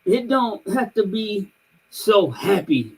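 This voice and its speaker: A man's voice: high voice, sing-song, takes it slowly, creaky, breathy edge, voice pushed up, exaggerated voice, rough recording. A man voicing his annoyed five-year-old niece, pouty and searching for her words. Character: sulky little girl of about five.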